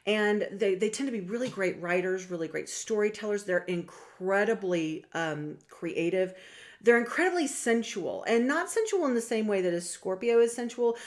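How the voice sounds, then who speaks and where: A woman's voice: medium pitch, normal speed. Chatty woman vlogger on astrology. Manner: chatty, animated, acts out quoted voices. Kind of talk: casual talk to camera.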